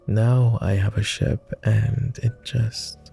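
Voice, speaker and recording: A man playing a posh gravelly vampire, whispered role-play. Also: flat delivery, faint music behind, exaggerated voice. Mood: wistful. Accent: posh British. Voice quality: low, gravelly and soft. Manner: slow, gentle and teasing. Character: jaded immortal male vampire, tender and teasing.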